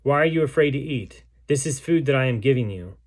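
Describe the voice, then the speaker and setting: A man's voice: mid-range voice, expressive, brisk. A man reading aloud the words of a starving, grief-stricken mother in a besieged city, in a solemn, pleading way. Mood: bitter, accusing.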